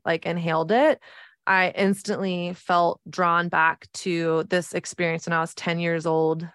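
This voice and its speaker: A woman's voice: on the low side, vocal fry, a bit bright, clear, resonant tone, no room sound, studio quality. A woman in her thirties hosting a podcast, telling a personal story in an earnest, reflective way with many "like" fillers. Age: 30s. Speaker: podcast host.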